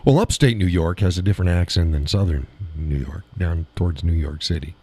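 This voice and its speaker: Low husky-voiced man hosting a live show. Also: brisk, a little mellow. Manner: rambling, chuckles often. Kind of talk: casual chat reading audience chat.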